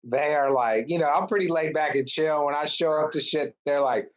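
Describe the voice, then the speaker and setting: A man's voice: fairly high pitch, normal speed. A man chatting casually as a podcast guest, with a laid-back, rambling way of telling stories and plenty of swearing. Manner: laid-back, loose storytelling full of filler and swearing. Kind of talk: casual chat. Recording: slightly dull lo-fi sound.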